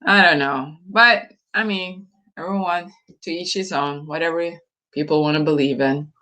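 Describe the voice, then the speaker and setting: A woman's voice: sits low, normal speed, bright, forceful tone. A woman in her forties from Norway, chatting casually and hesitantly with live viewers, laughing often. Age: 40s. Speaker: livestream host.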